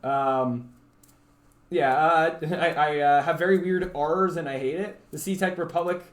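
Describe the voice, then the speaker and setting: A man's voice: fairly high pitch, fairly even intonation, measured pace. A young man from Canada chatting casually with stream viewers, rambling and stuttering with lots of fillers. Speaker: livestreamer. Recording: roomy echo.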